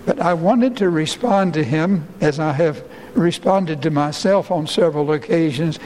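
A male pastor preaching a sermon, his voice rising and slowing when he quotes people crying out. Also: darkish tone, long reverb tail, rough recording. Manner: rises in pitch and slows for quoted cries.

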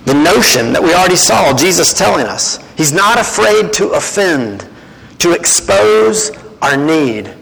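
A man's voice: on the high side, unhurried, vocal fry, long reverb tail, poor audio. A man preaching as a guest speaker, acting out the voices he quotes. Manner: animated, acts out quoted voices. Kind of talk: sermon.

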